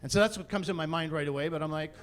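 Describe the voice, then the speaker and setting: A man in his forties with a high-pitched voice performs stand-up on a comedy stage through a handheld mic. He tells his stories with lively timing and works himself up into mock-indignant rants. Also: rapid-fire. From Canada. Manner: animated storyteller building to mock-indignant rants. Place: comedy stage before a live audience.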